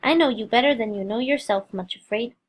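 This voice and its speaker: A woman voicing a kind, cheerful male shepherd who speaks with gentle reassurance in a storybook reading. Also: on the high side, fairly quick, close to an everyday voice. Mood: cheery.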